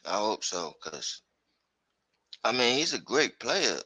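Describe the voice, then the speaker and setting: A man hosting a sports podcast, talking loosely and excitedly with slang and fillers. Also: on the low side, slow, dry recording, low-quality recording. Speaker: podcast host. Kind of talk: casual sports chat.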